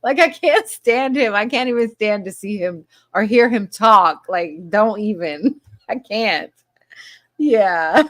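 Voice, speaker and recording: A woman's voice: mid-range voice, expressive, slow pace. A woman hosting a casual live chat, reading viewer comments aloud and laughing often between remarks. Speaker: livestream host.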